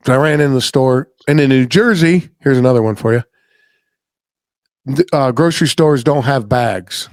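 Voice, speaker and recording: A man's voice: mid-range voice, fairly quick, a little mellow, dry recording. A middle-aged man hosting a podcast, telling a story in a blunt, rambling, folksy way and swearing freely. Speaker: podcast host. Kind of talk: casual storytelling chat.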